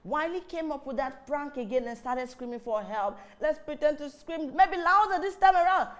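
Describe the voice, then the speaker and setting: Casting: high-pitched woman, children's storyteller and host, lively and interactive. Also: moderate pace, a faint crowd. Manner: lively, calls the audience to join in.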